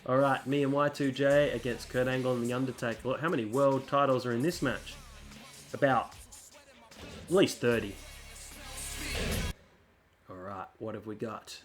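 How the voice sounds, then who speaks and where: A man's voice: medium pitch, fairly even intonation, moderate pace, long pauses, soft background music. A man giving casual, jokey commentary while playing a wrestling video game. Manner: chatty, jokey, mock announcer asides. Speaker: gaming channel host.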